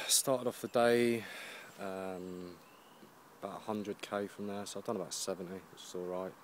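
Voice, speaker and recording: A young man from Jersey, a touring cyclist, telling a rambling casual video-diary story outdoors, worn out after a long day's ride. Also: deep voice. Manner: rambling storytelling, lots of "and I was like". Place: outdoors at a roadside camp. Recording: noisy outdoor camera recording.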